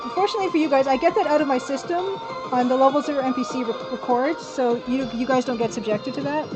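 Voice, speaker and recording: A woman's voice: high-pitched, quick pace. A woman hosting a casual live stream, chatting and rambling to her viewers and laughing often. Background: faint music from a record player.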